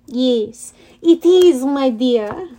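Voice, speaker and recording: A woman voicing a gloating male manticore villain with a put-on French accent, sneering and slow. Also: high-pitched, animated.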